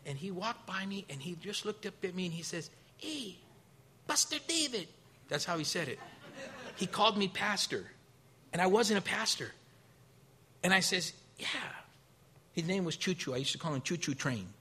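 A male pastor preaching a sermon, telling stories with acted-out quotes, rising to loud, high bursts and dropping to quiet, low stretches. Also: breathy edge. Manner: storytelling with acted quotes and a casual, folksy delivery.

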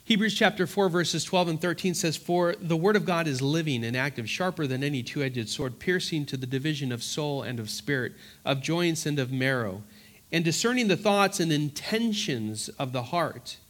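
A man preaching an earnest Bible-teaching sermon, emphatic and repeating words for stress, then dropping to soft, pleading tones. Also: on the high side, moderate pace. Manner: swings from loud urgency to soft, quiet pleading.

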